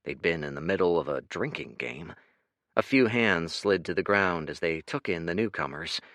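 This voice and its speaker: A man narrating an audiobook in an expressive, dramatic reading. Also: low-pitched, normal speed, no echo, studio quality.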